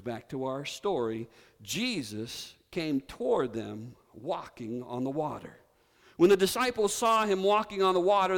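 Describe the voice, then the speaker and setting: A man preaching a sermon, telling a story with drama and leading the congregation to repeat words together. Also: a little high. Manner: animated storytelling preacher, leads congregation in call-and-response. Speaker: pastor. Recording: reverberant hall.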